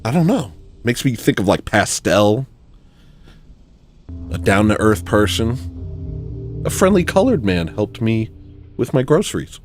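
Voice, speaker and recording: A man's voice: big pitch swings, moderate pace, a little mellow, soft background music. Man in a mock-earnest, rambling satirical monologue. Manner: mock-earnest, rambling, with sudden swings in pitch.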